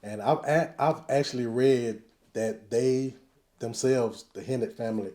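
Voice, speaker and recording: Mellow-voiced male interviewer. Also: mid-range voice, unhurried. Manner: steady, frequent murmured backchannel.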